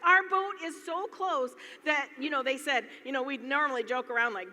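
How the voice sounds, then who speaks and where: A middle-aged Michigan woman speaks quickly in a high, expressive, sharp voice, telling rambling, chatty stories from the stage at a business event. She laughs often and keeps circling back with "anyway." The recording is from a large, echoey hall in front of a live audience, with faint noise.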